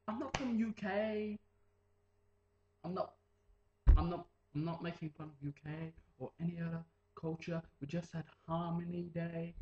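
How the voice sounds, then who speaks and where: A man's voice: on the high side, steady tone, normal speed, dark tone, roomy sound, dull audio, slight background noise. A teenage boy rambling in a casual vlog, mumbling and jumping into silly voices. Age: late teens. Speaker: vlogger.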